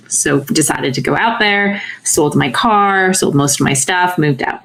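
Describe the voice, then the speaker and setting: A woman with a notably low voice, chatting as a podcast guest. She tells her story casually and pokes fun at herself. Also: unhurried, vocal fry, fairly bright tone, low-quality recording. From Canada. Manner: chatty, self-deprecating, laughs at herself. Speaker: guest, naturopathic doctor.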